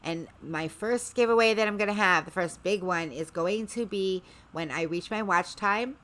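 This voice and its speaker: A woman's voice: on the low side, pushed and bright. A woman hosting a livestream, chatting casually in a rambling way with sarcastic asides. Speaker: livestream host.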